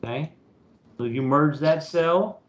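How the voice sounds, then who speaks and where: A man with a high voice, speaking slowly, teaches an online class as a professor and casually guides students through each stage, asking "okay?" repeatedly to check they're with him. Captured on a computer mic in a video meeting, he sounds roomy and somewhat dull, like lo-fi meeting audio.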